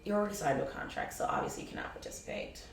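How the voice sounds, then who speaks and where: A playful, talkative woman conducts a casual interview. Her voice sits fairly low but swings widely in pitch. She is recorded from a distance in an echoey convention hall with faint ambience behind her. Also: huge pitch swings, very fast, creaky, a little hiss or hum. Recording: roomy echo from a distant mic.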